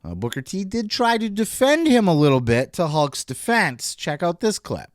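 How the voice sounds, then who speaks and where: A man gives dry, sarcastic commentary between clips as a show host. His pitch swings widely as he talks. The sound is close and dry. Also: very animated, normal speed, no room sound.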